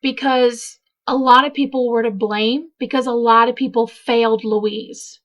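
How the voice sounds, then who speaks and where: A woman's voice: fairly high pitch, fairly even intonation, a little slow. A woman hosting a casual true-crime commentary, chatty and emphatic, wandering off into asides. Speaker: host.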